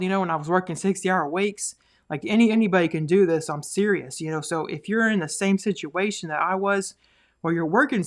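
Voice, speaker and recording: A woman in her thirties hosting her own podcast, telling her money story in a rambling, earnest way full of "you know" and "like". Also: on the low side. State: tearful, emotional. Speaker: podcast host. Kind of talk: personal story, motivational talk.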